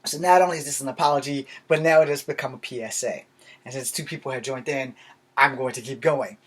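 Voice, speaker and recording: A man's voice: mid-range voice, fast talker, a bit bright. Blunt, profane man ranting from Virginia. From Virginia, USA. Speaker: vlogger. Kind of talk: casual ranting monologue.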